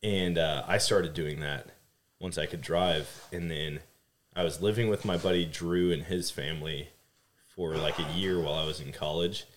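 A man's voice: a bass voice, normal speed, a little hiss or hum. Young male podcast host, chatty. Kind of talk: casual conversational interview.

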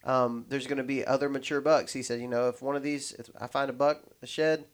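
A man's voice: medium pitch, flat delivery, fairly quick. A man in casual podcast chat, talking in loose, rambling sentences full of restarts and fillers.

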